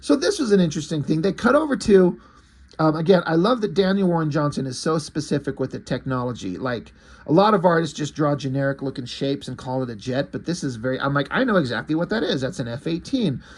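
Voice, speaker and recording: Husky-voiced guy recapping a comic. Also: a little high, lively intonation, fast talker. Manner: chatty, swears, many fillers. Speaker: comic book reviewer. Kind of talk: casual recap and review.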